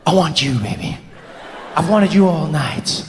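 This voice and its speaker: A man acting out a needy boyfriend pestering his sleepy partner in bed, wheedling and drawn-out. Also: a little high, expressive, some chatter behind, voice pushed down. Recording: long hall reverb, faint noise.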